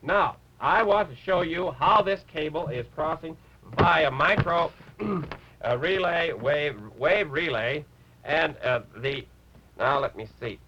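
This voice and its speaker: Bumbling rabbit lecturer, slightly high, keeps clearing his throat. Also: bright, forceful tone, muffled recording, a little hiss or hum, exaggerated voice. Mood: flustered. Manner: fumbling, throat-clearing, halting. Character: bumbling male rabbit lecturer, fussy and flustered. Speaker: puppet character on a TV show.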